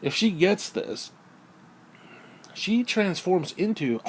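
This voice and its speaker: Male ranter, slightly raised pitch, crude and heated, hammers points through repetition. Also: expressive, slow, a little hiss or hum. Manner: crude, heated, swears constantly; repeats phrases for emphasis. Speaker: video creator. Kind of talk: profane ranting monologue.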